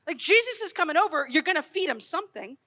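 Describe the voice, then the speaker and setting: Lively woman speaker at a youth conference, high voice, goes big then quiet, long echo off a big hall. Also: quick pace. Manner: expressive, storytelling, swings from loud to hushed. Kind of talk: animated Catholic youth talk. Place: large hall.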